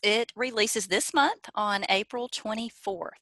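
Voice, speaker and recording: A woman guest with a Southern US drawl gives short, friendly answers. Her voice is bright. The recording is dry. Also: medium pitch, a little slow, no echo. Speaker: author guest. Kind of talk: casual interview chat.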